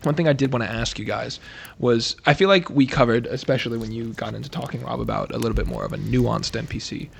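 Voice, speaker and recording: A man's voice: medium pitch, fast talker, creaky, a little hiss or hum. A man from Tennessee, co-hosting a casual chat and steering the talk back on course. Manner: steers the talk, laughs often. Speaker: podcast co-host.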